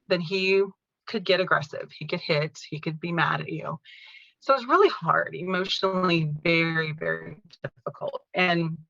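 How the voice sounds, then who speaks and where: A woman telling a personal caregiving story in an interview, speaking earnestly and gently. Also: on the low side, creaky, dry recording, dull audio. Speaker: podcast guest, caregiving author.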